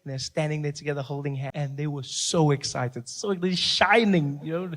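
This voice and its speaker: A man's voice: a little high, fairly even intonation, moderate pace, a bit bright. A man from South Africa doing a stand-up comedy routine, telling stories animatedly and acting out the scenes.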